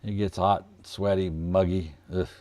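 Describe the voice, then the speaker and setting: A man's voice: low voice, steady tone, a little slow, warm tone, dry recording. A man from Ohio hosting a casual trading livestream, folksy and joking, calling himself plain redneck. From Ohio, United States. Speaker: trading coach host.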